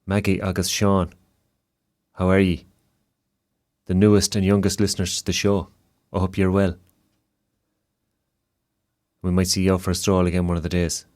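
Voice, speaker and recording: Deep-voiced Irish radio host. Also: male voice, little pitch movement, normal speed, long pauses, darkish tone. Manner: chatty and easygoing, drops in Irish-language phrases. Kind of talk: casual radio presenting between songs.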